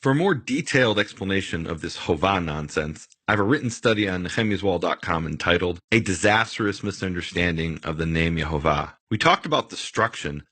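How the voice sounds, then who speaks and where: Emphatic husky man teaching. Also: sits low, lively intonation, fairly quick, few pauses, a bit bright, no room sound. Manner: emphatic, dismissive of bad arguments. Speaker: host. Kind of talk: casual teaching conversation.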